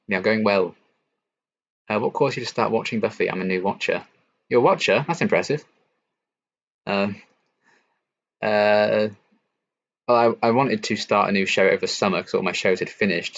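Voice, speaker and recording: A young man from England hosting a casual late-night live-stream Q&A, answering chat in a relaxed, chatty way with lots of ums and likes. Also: fairly low pitch, normal speed, gravelly, long pauses. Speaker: YouTube reaction channel host. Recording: slightly dull lo-fi stream audio.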